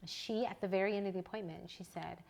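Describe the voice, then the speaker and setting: A woman in her forties, a newborn photographer and educator, telling animated personal stories to an audience in a casual way. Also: medium pitch, quick pace, gravelly. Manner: animated, chatty, personal anecdotes. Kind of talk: casual storytelling to a live audience.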